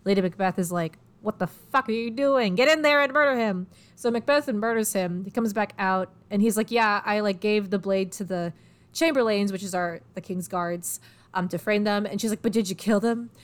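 Her tone clear and resonant, a young woman on a laid-back podcast talks at a medium pitch. She tells a story loosely and irreverently, giggling a lot and dropping in quick character voices as she goes.

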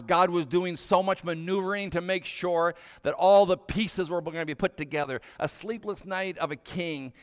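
A man with a fairly high voice preaches a storytelling sermon, sinking to a low, hushed tone to drive his points home. His words ring out with a long reverb through a large church sanctuary. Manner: storytelling preacher, drops low and soft for emphasis. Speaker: pastor.

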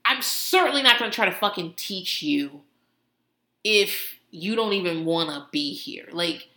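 A woman's voice: lowish voice, lively intonation, unhurried, pushed and bright. A woman host giving a casual comedic recap, swearing freely and laughing often as she talks. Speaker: podcast host. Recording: roomy echo.

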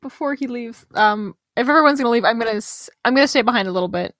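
Animated woman player in a tabletop game, dry close recording. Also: on the high side, fast talker, no room sound. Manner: animated, swears casually. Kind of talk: casual tabletop game play.

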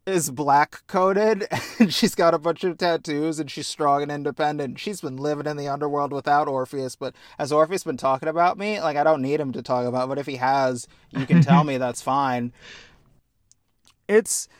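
A man's voice: on the high side, steady tone, moderate pace, no echo, clean studio sound. A young man hosting a podcast, chatting casually and enthusiastically, swearing freely as he tells stories. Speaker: podcast host. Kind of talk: casual chat.

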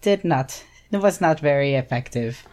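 A woman's voice: low voice, lively intonation, normal speed, darkish tone. A woman playing a tabletop game, casual and hesitant, thinking aloud. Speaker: player.

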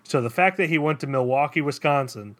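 A man's voice: a little high, brisk, a bit bright. A man co-hosting a film review podcast, chatting casually and hesitantly with lots of fillers and dry jokes. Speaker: podcast co-host.

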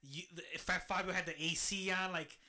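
A man with a bright, somewhat high voice tells a story in relaxed conversation. He swears freely and laughs as he talks. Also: moderate pace. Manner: swears freely, laughs while telling stories. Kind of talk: casual storytelling chat.

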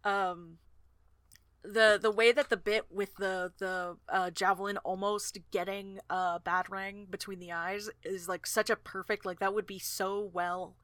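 A woman's voice: mid-range voice, flat delivery, measured pace, fairly bright tone, no echo, studio quality. A woman co-hosting a podcast, casually retelling and discussing book scenes. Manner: chatty, retelling scenes with many fillers. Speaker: podcast co-host.

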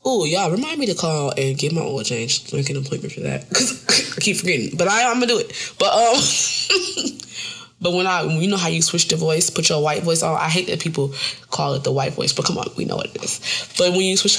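Animated, profane woman talking to camera. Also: fairly quick, creaky. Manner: animated and profane, with frequent jumps up in pitch for emphasis. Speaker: mother and vlogger. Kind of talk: casual comedic monologue to camera.

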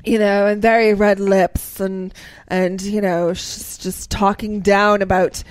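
Woman, casual podcast co-host, animated storyteller, fillers, dry close sound. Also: medium pitch, slow pace, no room sound. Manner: animated retelling with many fillers. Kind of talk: casual movie discussion.

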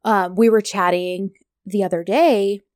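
A woman's voice: medium pitch, fairly even intonation, a little slow, darkish tone, no room sound. Chatty woman podcast co-host, dry sound. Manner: chatty, lots of fillers and "like". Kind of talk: casual chat.

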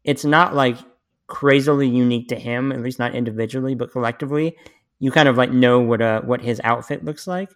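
A man's voice: medium pitch, fairly even intonation, fairly quick. A man hosting a podcast in casual chat, rambling with restarts and swearing freely. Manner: profane, rambling, frequent restarts. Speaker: podcast host.

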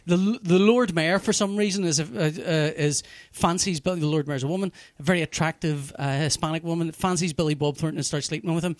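A man telling a TV plot in casual chat, animated and profane, full of restarts. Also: a little high, fast talker, dry recording, studio quality. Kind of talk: casual chat, recapping a TV show.

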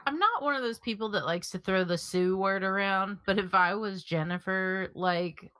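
A woman's voice: mid-range voice, moderate pace, pushed and bright, clean tone, dry recording. A woman co-hosting a podcast, reacting bluntly and with exasperation in casual chat, swearing and repeating herself for emphasis. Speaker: podcast co-host.

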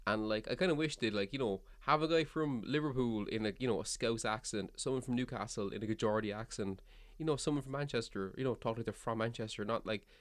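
A man's voice: medium pitch, brisk. A man with a Cork Irish accent, chatting casually as a podcast co-host and rambling through many fillers and restarts. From Ireland. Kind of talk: casual chat.

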